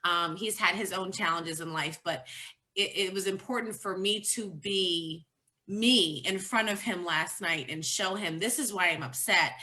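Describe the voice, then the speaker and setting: A woman guest in a casual conversation, talking in an animated, emphatic way. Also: lowish voice, a little slow.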